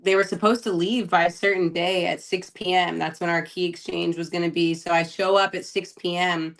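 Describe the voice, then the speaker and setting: A woman's voice: fairly low pitch, little pitch movement, brisk. A woman, a guest investor, telling a story casually and chattily, laughing often and saying "like" a lot.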